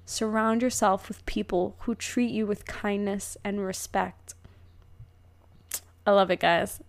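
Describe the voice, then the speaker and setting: A woman's voice: mid-range voice, fairly even intonation, slow, creaky. A young woman hosting her own podcast, talking casually and rambling, with lots of fillers and self-corrections. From United States. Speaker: podcast host. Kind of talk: casual solo podcast monologue.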